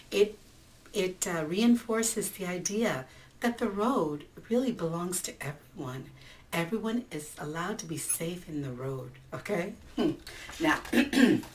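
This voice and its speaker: A woman author walking teachers through her picture book, explaining in an animated way and checking in with frequent asides. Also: low-pitched, distant mic, slight background noise, rough recording. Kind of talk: book talk tutorial for teachers.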